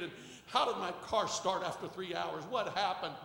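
A middle-aged male pastor preaching a sermon, moving from quiet storytelling to shouted exhortation. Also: high-pitched, expressive, brisk, creaky, hardly any pauses. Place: church sanctuary. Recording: echoey hall with faint noise.

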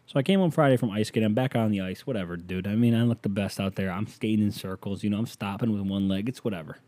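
Man, podcast host, casual rambling monologue, joking, mellow dark tone. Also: on the low side, fast. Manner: rambling, joking, addresses listener directly.

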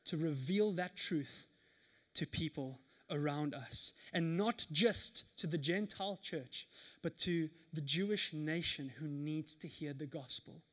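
A man in his thirties preaching a sermon at a church service, telling stories in an animated way with laughter. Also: on the high side, measured pace. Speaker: pastor.

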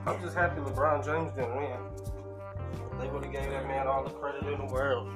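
A man's voice: medium pitch, little pitch movement, moderate pace, over music. A man, the host's husband, chatting bluntly and laid-back as a guest, cursing freely. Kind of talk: casual chat.

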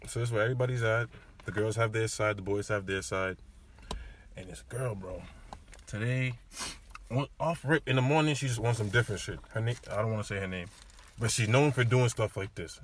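A young man casually telling a story among friends, animated and full of slang, acting out what others said. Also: on the low side, brisk, slight background noise.

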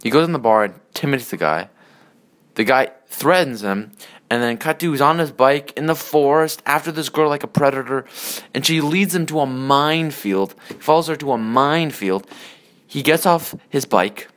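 A man's voice: mid-range voice, moderate pace. An adult man in a casual, rambling rant about old movies, swearing often and getting worked up. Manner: profane, rambling, excitable.

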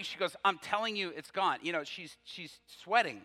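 High bright-voiced male preacher telling a story. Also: normal speed, big-room sound. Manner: animated storytelling with quoted dialogue, swinging from loud to hushed. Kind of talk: sermon storytelling.

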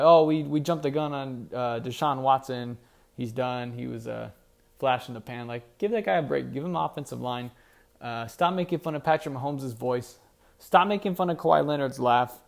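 A man's voice: mid-range voice, vocal fry. A man hosting a solo sports podcast, rambling and mock-indignant, with lots of fillers and restarts. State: out of breath. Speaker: podcast host.

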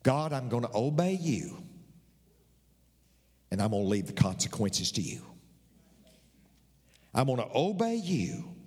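A man's voice: mid-range voice, husky. A man in his later years, a pastor preaching a sermon with dramatic emphasis and repeated phrases. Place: church sanctuary. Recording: large reverberant hall.

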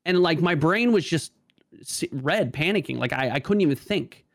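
A man's voice: fairly high pitch, expressive, moderate pace, no room sound, studio quality. A man talking casually as a podcast guest, stammering and restarting often, with many "like" fillers. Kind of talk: casual conversation.

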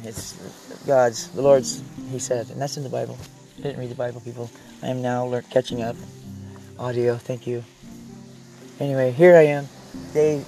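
A man's voice: mid-range voice, darkish tone, low-quality recording. A man rambling through a casual vlog from inside the vehicle he lives in, raw and heartfelt, often trailing off mid-thought. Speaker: vlogger.

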